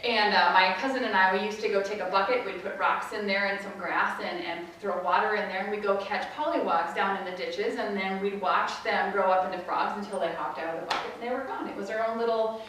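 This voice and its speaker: A middle-aged woman telling a personal story to a live audience, acting out her family's voices with big jumps in pitch. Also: brisk, hardly any pauses, a bit bright, a little hiss or hum. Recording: echoey hall, voice from a distance.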